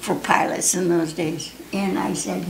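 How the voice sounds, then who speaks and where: An older woman telling a personal story, lively and often laughing, with many restarts. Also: fairly low pitch, a little slow, vocal fry, a little hiss or hum. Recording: roomy echo, faint ambience.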